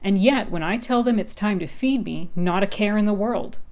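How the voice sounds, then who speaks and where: A woman voicing a wary, aloof male house cat in a dry, measured way. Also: mid-range voice, darkish tone, voice pushed up, natural voice. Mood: wry.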